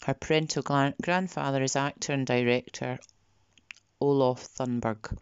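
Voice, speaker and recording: A woman delivering a podcast monologue in a slow, deliberate way, sometimes dropping to a near whisper. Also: a bass voice, steady tone, clear, resonant tone, no echo. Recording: dull, lo-fi dry recording.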